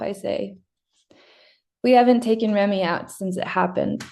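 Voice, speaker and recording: A woman giving a measured, deliberate reading of her own first-person literary fiction. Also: medium pitch, fairly even intonation, darkish tone. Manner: measured, deliberate reading with occasional slips and restarts. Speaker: prize-winning fiction writer reading her story.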